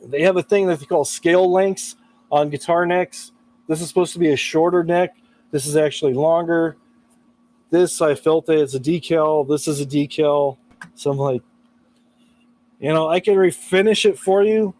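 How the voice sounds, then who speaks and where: A man's voice: on the high side, normal speed, a little mellow, rough recording. Chatty, laughing male livestreamer. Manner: chatty, laughs often, reads out chat messages. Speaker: guitar repair livestreamer. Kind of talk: casual live-stream chat.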